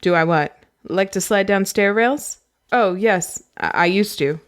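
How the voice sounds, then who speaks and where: A woman reading a novel aloud, voicing a disguised young lady who pitches her voice lower than usual. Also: a little slow, close to an everyday voice. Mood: earnest. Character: young woman in disguise, speaking low at a ball.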